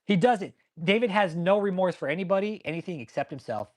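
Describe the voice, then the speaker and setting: A man's voice: high-pitched, fairly quick. Furious, foul-mouthed man ranting. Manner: angry, swears constantly. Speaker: channel host. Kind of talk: profane ranting commentary with live chat replies.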